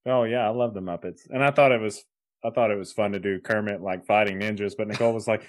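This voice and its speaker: A man's voice: fairly low pitch, fairly even intonation, fast. A man co-hosting a podcast in casual chat, rambling with restarts and laughing mid-sentence. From Kansas. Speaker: podcast co-host.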